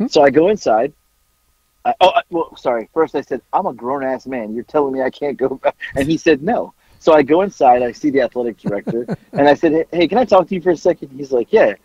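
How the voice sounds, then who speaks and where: Forty-something male podcast host, loud and foul-mouthed, slightly high husky voice, dry lo-fi sound. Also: a little fast, no room sound. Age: 40s. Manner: loud, profane, animated storyteller. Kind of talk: casual storytelling chat.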